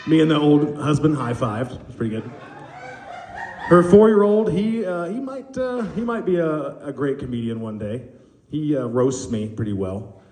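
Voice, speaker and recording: A man doing a stand-up comedy set on a club stage, telling animated stories with acted-out quotes, audience laughter behind him. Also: on the high side, moderate pace, reverberant.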